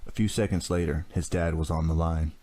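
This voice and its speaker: Deep voiced guy reading a horror audiobook, steady and measured. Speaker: audiobook narrator. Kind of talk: scripted horror narration.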